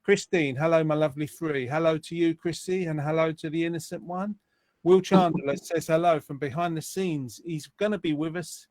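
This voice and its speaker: A man's voice: on the high side, steady tone, moderate pace, darkish tone, dry recording, clean studio sound. Upbeat man hosting a live online show. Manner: chatty, upbeat, reads out viewer greetings. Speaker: host.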